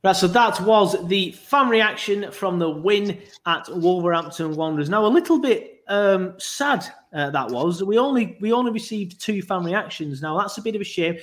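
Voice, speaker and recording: A man's voice: high voice, expressive, normal speed, hardly any pauses, fairly bright tone, slight background noise. A man hosting a football podcast, chatty and rambling, with many asides. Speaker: podcast host. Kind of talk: casual chat.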